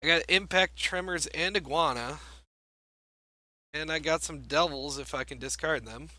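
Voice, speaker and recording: Man, young adult, card game commentary, wry, self-mocking, bright tone, dry close sound. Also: on the high side, moderate pace, no echo. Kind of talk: gameplay commentary.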